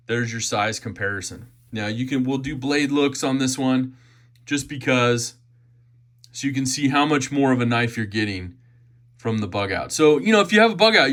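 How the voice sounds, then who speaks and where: A man's voice: medium pitch, a bit bright. A man giving a chatty, enthusiastic knife unboxing review, often repeating his phrases.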